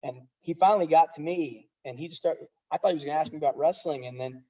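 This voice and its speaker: A middle-aged man, a high school wrestling coach, talking earnestly in a casual podcast interview, rambling with many restarts. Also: fast, warm tone. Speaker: head wrestling coach, guest. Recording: dull lo-fi sound.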